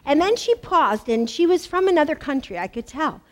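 A middle-aged woman from the United States preaching to a women's gathering. She tells her story in lively bursts, stacks up repeated phrases for emphasis, and her voice sits a little high. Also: moderate pace. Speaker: women's ministry speaker. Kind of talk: sermon with personal testimony.

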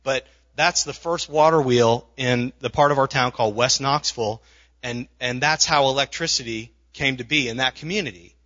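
A man's voice: medium pitch, normal speed, sharp tone, highs cut off. A man preaching a sermon in a conversational way, with frequent restarts and asides. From not from the South. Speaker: pastor.

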